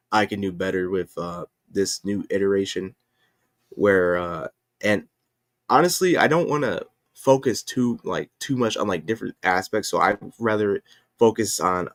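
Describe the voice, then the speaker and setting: Low-voiced man rambling on a stream. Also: dry recording, clean studio sound. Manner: rambling, self-correcting, many fillers. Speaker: livestream host and comic creator. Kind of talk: casual livestream chat.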